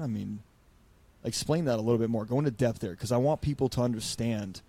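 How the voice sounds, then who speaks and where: A man's voice: mid-range voice, fast talker. Man hosting a rambling podcast chat. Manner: rambling, animated, acts out quotes. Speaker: podcast host. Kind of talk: casual podcast conversation.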